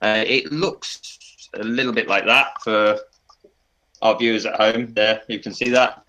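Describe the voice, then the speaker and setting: A man on a podcast giving a playful, tongue-in-cheek pitch and laughing often. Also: fairly even intonation, a little slow, bright, forceful tone, dull audio, slight background noise. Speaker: podcast panelist. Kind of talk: mock campaign pitch.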